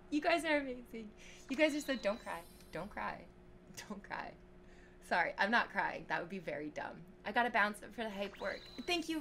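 A woman streaming live while sick, excitedly thanking her chat for donations, gushing, swearing freely and squealing. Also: fairly high pitch.

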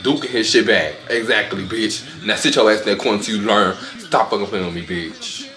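A man giving sassy, animated reaction commentary on fight highlights, full of exclamations and sudden squealed outbursts. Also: brisk, roomy sound, faint music behind. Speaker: reaction video host.

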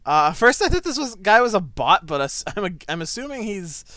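A young man talks through his gameplay in a high, bouncy voice that swings wide. His tone is smooth and clear, and the room sounds dry and close. He gets excitable and yelps when things go wild. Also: moderate pace, dry recording. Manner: excitable, yelps and laughs at big moments. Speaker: gaming channel host. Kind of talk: gameplay commentary. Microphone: desk microphone set back a little.

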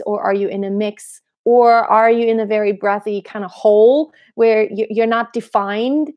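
Brief: young woman vocal coach, slightly high voice, explanatory live-stream teaching, talks through rhetorical questions. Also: a little mellow. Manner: explanatory, asks herself rhetorical questions, demonstrates voice placements. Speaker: singing teacher. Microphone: computer mic on a live stream.

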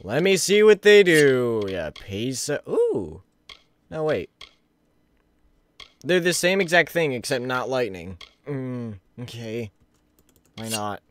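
A man's voice: medium pitch, sing-song, slow, long pauses, slight background noise. A man recording let's play commentary, goofy and laughing, mock-outraged at the game. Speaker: gaming channel host.

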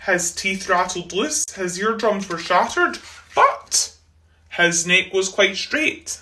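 A woman reads a rhyming children's picture book aloud for a school. Her delivery is rhythmic and expressive, with a very lively pitch in a middle register. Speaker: school reader. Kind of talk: storybook read-aloud.

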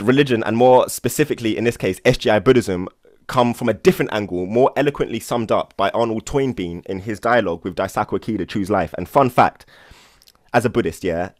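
A man's voice: lowish voice, darkish tone, dry recording, studio quality. A man hosting a Buddhist study session, teaching and telling stories in an enthusiastic, rambling way with many restarts. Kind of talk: casual teaching and storytelling.

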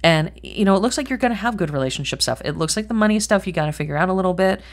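A woman's voice: lowish voice, lively intonation, rapid-fire. A middle-aged woman giving a chatty tarot reading to camera, rambling and thinking aloud, swearing casually and speaking bluntly. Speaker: tarot reader.

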